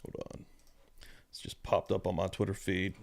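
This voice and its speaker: A male host giving casual, profane reaction commentary on a video, animated and laughing. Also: sits low, normal speed, vocal fry.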